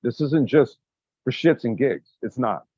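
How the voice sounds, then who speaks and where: A man's voice: medium pitch, lively intonation, measured pace, mellow, slightly rough, dry recording, dull audio. A man co-hosting a podcast, talking casually as he brainstorms, rambling with frequent restarts and swearing. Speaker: podcast co-host.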